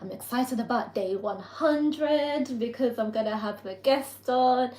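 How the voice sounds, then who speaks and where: A woman's voice: on the high side, unhurried, dark tone. A woman hosting a live stream from her home kitchen, rambling and laughing as she chats and does chores. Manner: rambling, chatty, laughs often, talks to herself while doing chores. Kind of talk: casual live-stream chat. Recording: echoey room with background noise.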